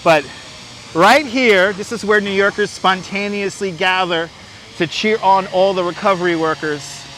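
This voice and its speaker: A man's voice: high voice, measured pace, bright, forceful tone, slight background noise. A man hosting a casual walking livestream outdoors on city streets, chatting enthusiastically and greeting viewers by name through a wireless clip-on mic. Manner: chatty, greets viewers and reads their comments aloud. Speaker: livestream host.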